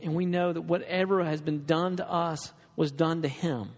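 A man's voice: on the high side, fairly even intonation, normal speed, big-room sound. A man preaching a sermon in an earnest, conversational way, with restarts and asides to the congregation.

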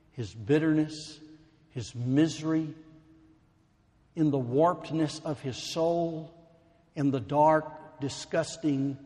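A man preaching a sermon, slow and emphatic, building to fervent pleading. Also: fairly high pitch, warm tone. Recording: long hall reverb.

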